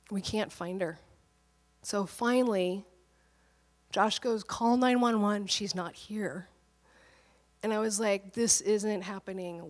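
Slightly hoarse woman pastor, animated candid storytelling, middle pitch, long hall reverb. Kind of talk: storytelling sermon.

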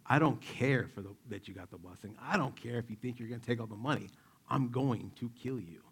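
A man's voice: medium pitch, brisk, breathy edge. A man doing a hot-headed, cheated older brother. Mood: menacing.

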